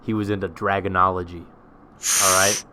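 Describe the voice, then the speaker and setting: A man's voice: low voice, flat delivery, moderate pace, sharp tone, slight background noise. A young man co-hosting a podcast, laid-back and jokey, full of slang in casual chat. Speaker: podcast co-host.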